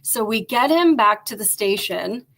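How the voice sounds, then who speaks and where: A woman, a former police officer, hosting a casual live show and telling a blunt, animated story full of "like.". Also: mid-range voice, measured pace, creaky.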